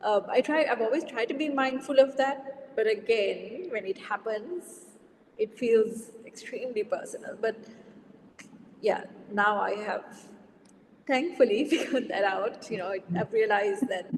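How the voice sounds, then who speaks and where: A woman guest on a podcast, a journalist and editor, speaking in a measured, thoughtful way. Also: on the high side, darkish tone, slight background noise. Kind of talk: reflective conversational chat. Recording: echoey room, distant mic.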